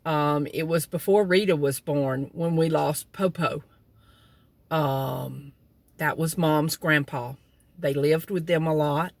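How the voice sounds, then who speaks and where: A woman's voice: low-pitched, steady tone, takes it slowly, creaky, a little mellow, dry recording. A middle-aged woman telling folksy family stories in a casual vlog, chuckling as she talks, sitting in a car. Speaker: vlogger. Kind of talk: casual storytelling.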